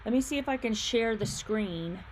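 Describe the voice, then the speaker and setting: A woman's voice: on the high side, animated, moderate pace, a little hiss or hum. A woman hosting a casual livestream, chatting and thinking aloud as she reads viewer comments, laughing easily and humming while she fiddles with her screen. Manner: laughs easily, hums filler sounds. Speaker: livestream host and quilt shop owner.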